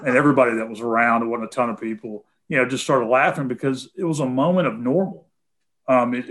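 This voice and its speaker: A man's voice: mid-range voice, a bit bright. A man with a Tennessee accent answering callers' questions in a casual conversation, hesitating often with "um" and "you know".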